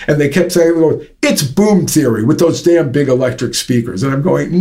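A man's voice: on the high side, animated, moderate pace, hardly any pauses, warm tone. A man telling a long story as an interview guest, rambling with many fillers and restarts. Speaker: interview guest, drum company founder. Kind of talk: casual storytelling.

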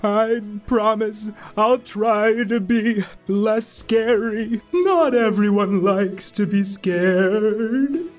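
A man voicing a remorseful male skeleton ghost who speaks slowly and haltingly. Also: high voice, faint music behind. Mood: contrite. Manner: slow, halting, drawn-out.

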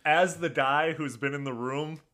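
A man hosting a casual podcast chat over a video call, easygoing and quick to laugh. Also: on the high side, sharp tone. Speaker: podcast host.

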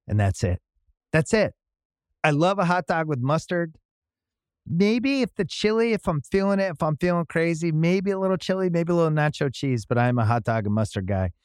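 A man's voice: medium pitch, dry recording, clean studio sound. A man reading an ad in a chatty way, adding personal asides. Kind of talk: host-read ad.

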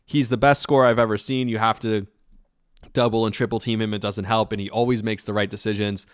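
A man hosting a podcast, giving casual, opinionated sports commentary in an animated way. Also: fairly low pitch, a little fast, no echo, studio quality. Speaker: podcast host.

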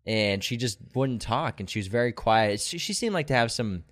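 A man co-hosting a casual podcast, talking in a laid-back, halting way that trails off. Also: medium pitch, animated, fairly bright tone, no room sound, studio quality. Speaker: podcast co-host. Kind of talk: casual chat.

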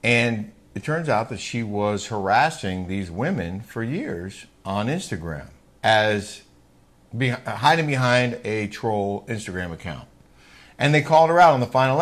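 A man's voice: lowish voice, lively intonation, normal speed. A man co-hosting a podcast, chatting in an easygoing, agreeable way. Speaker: co-host. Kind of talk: casual podcast chat.

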